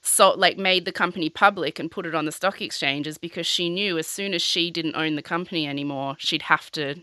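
Young female host, chatty and sweary, a bright, fairly low voice. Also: a little fast, no room sound. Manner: chatty, sweary, heavy on filler "like". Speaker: podcast host. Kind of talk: casual storytelling chat.

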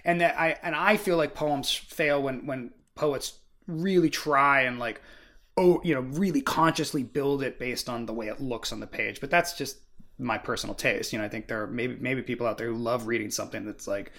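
A man's voice: mid-range voice, moderate pace, a bit bright. A man co-hosting a casual book discussion podcast, rambling with many "like" and "you know" fillers. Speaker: podcast co-host.

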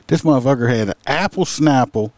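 A man's voice: medium pitch, lively intonation, fairly quick, darkish tone, a little hiss or hum. A man in his forties talking casually as a podcast host, telling stories in a laid-back way, cursing and laughing along. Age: 40s. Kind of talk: casual conversation.

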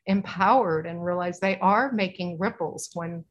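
A woman's voice: lowish voice, measured pace, highs cut off. A woman guest on a podcast, chatting casually in an earnest, rambling way about spiritual matters. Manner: rambling, earnest, soft-spoken spiritual talk. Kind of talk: casual interview chat.

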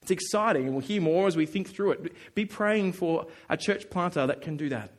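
A male pastor preaching a sermon, telling a personal story in an animated, earnest way and acting out his own thoughts. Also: high voice, brisk. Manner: earnest and emphatic.

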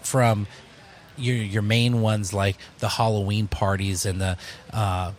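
A man, a bar co-owner, telling stories in a casual interview, animated and full of restarts. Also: on the low side, takes it slowly. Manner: storytelling, animated, many restarts.

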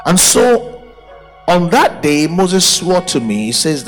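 A man's voice: sits high, sing-song, takes it slowly, soft background music. A man preaching a sermon at a church service, emphatic and full of rhetorical questions. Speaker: pastor.

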